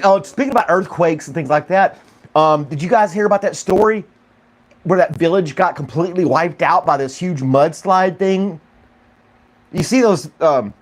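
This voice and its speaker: Give me a rambling podcast host, a man chatting casually from home with a light chuckle. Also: fairly high pitch. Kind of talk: casual live-stream chat.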